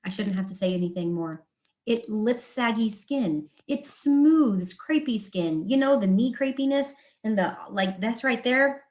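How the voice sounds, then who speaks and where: A woman beauty consultant giving a live product presentation. She talks in an enthusiastic, chatty way, with quick asides and acted-out quotes. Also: on the high side, lively intonation, darkish tone.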